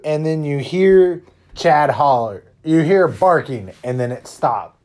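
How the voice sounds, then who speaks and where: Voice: medium pitch, expressive, unhurried, a little mellow. A co-host in casual chat, retelling a movie with a friend in a laid-back way, chuckling and finishing the other's sentences. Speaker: podcast co-host.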